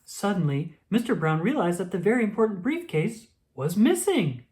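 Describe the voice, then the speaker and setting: A woman reading a children's picture book aloud, expressive and slow. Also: medium pitch. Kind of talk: storybook read-aloud.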